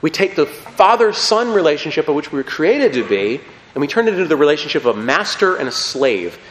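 A man preaching a sermon with emphatic, animated delivery, often checking in with his listeners. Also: a little high, a little fast, slight background noise. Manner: animated, emphatic, frequent "okay?" check-ins. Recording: roomy hall with long reverb.

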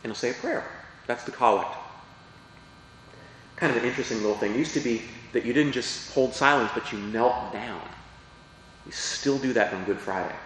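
A man's voice: mid-range voice, normal speed, pauses often, a bit bright, heavy reverb, big-room sound, slight background noise, low-quality recording. A man who is a priest, explaining parts of the Mass in a chatty teaching talk and often asking his listeners questions. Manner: chatty, asks the audience questions.

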